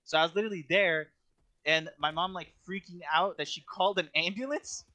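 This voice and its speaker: A man's voice: sits high, brisk, pushed and bright. A young man co-hosting a podcast, telling a story in casual chat, rambling with constant filler words and restarts. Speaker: podcast co-host.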